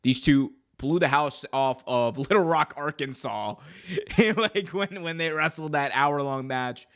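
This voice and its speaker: A man's voice: fairly high pitch, measured pace, a bit bright, smooth. Upbeat man hosting a wrestling podcast. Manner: enthusiastic, jokey, hype-building. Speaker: podcast host. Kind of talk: casual wrestling podcast chat.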